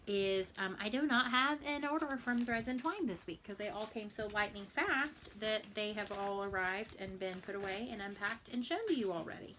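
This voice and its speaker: A woman's voice: mid-range voice, pushed and bright, slight background noise, rough recording. A woman from Texas in a casual home vlog, chatting and rambling with many fillers and repeated words. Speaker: cross stitch vlogger. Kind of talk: casual chat.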